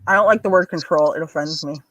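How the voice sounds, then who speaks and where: A woman's voice: sits low, fast, fairly bright tone, dry recording, dull audio. A woman hosting a livestream, chatting casually with friends, playful and teasing and laughing often. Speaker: livestream host. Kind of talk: casual group chat on a livestream.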